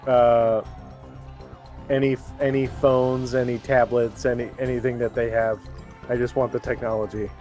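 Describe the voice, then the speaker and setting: A man playing in a tabletop game, speaking in measured, deliberate lines. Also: mid-range voice, level tone, a little mellow, faint music behind. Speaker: player. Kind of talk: tabletop role-play.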